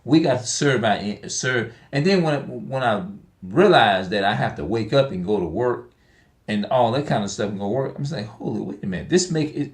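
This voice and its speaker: A man talking casually into his camera in a slangy, rambling way, often repeating himself and now and then reading scripture aloud. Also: fairly low pitch. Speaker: video creator. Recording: echoey room.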